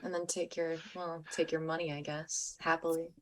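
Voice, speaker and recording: Female podcast co-host, low voice, soft, trailing delivery. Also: level tone, normal speed. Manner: soft, trailing off, laughs often. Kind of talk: casual podcast chat.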